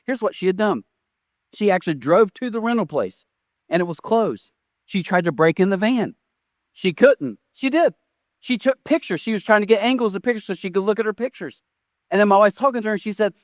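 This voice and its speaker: A man in his forties, a pastor, preaching a sermon with lively storytelling that swings between raised, excited phrases and quiet, soft endings. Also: sits high, a little fast, no room sound, studio quality. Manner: animated storytelling with sudden rises and soft drops. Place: church stage.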